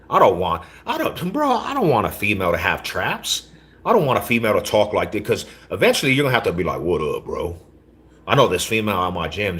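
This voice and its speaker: A man hosting a casual livestream, talking back to his chat in laid-back, slangy street talk, often repeating himself. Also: sits low. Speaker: livestream host.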